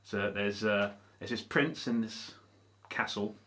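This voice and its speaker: A man's voice: lowish voice, slow pace. A man comically retelling a story to a friend in a playful, laughing way. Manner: playful, lively, breaks into laughter. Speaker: comedy video host.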